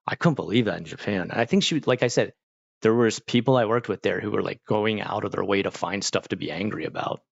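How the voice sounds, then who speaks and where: Gravelly low-voiced man chatting. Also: fairly quick, no room sound, highs cut off. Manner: rambling, storytelling with lots of fillers. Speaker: streamer. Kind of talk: casual chat with viewers.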